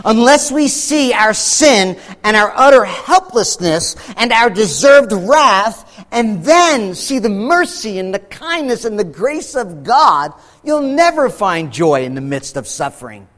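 A man preaching a sermon as pastor, slowing down for heavy emphasis and acting out quoted voices. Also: sits high, sing-song, fairly bright tone, in a large hall. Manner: preaching with dramatic slow emphasis and acted quotes.

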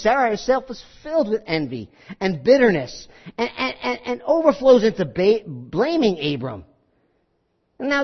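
A man's voice: high-pitched, dull audio. A middle-aged male pastor preaching a conversational sermon and acting out the scenes he tells.

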